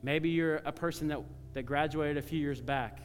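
A male pastor preaching a sermon, telling stories in a conversational way and dropping to soft, earnest tones. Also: on the high side, steady tone, moderate pace, long reverb tail, soft background music. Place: church sanctuary.

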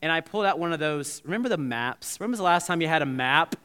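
Bright-voiced, animated man preaching. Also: on the high side, quick pace, smooth. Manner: animated, repetitive restarts, addresses congregation directly. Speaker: pastor. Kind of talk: sermon.

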